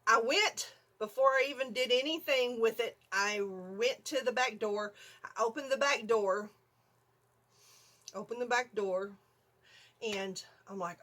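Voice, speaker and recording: A middle-aged woman, telling an animated story on her vlog, laughing often and acting out her own screams. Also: medium pitch, normal speed. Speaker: vlogger.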